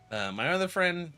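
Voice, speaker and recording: A man's voice: sits high, sharp tone, no room sound. A man streaming a game and chatting casually, laughing often and acting out his friends' lines, while getting over a cold. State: has a cold. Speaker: gaming streamer.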